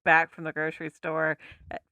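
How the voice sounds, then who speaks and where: A woman co-hosting a movie podcast in a casual, animated way, laughing often between her points. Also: low-pitched, normal speed, smooth, dry recording, muffled recording. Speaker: podcast co-host. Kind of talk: casual movie-review chat.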